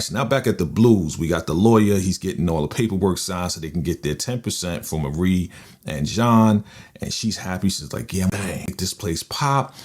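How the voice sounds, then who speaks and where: A man with a low, deep voice talks straight into a podcast microphone, recapping a TV drama in a relaxed, chatty way. He retells the plot with energy, dropping into quoted lines from the characters as he goes. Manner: animated retelling, quoting characters with quick voice shifts and laughs. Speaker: TV recap host. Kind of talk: casual episode recap.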